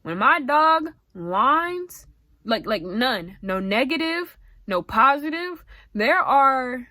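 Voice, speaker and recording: A woman's voice: high voice, slow pace, no echo, studio quality. A young woman vlogger giving dog-training tips in a casual, emphatic, slangy way. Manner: emphatic, animated, slangy and direct. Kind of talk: casual chatty advice.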